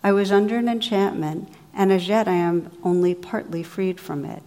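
A woman voicing an enchanted noblewoman who speaks slowly, sweetly and in a measured way, in a storybook reading. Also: medium pitch, a little mellow, close to an everyday voice. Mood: gentle. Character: enchanted noblewoman, gentle, grave and wise.

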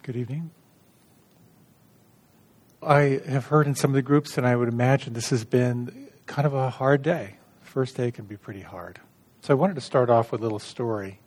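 A man giving a gentle, unhurried dharma talk as a retreat's meditation teacher. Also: mid-range voice.

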